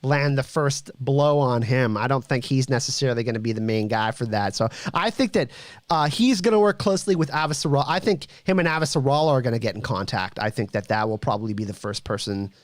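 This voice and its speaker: A man's voice: medium pitch, animated, fast, no echo. A man hosting a casual TV review chat, rambling and laughing as he corrects himself. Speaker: show host.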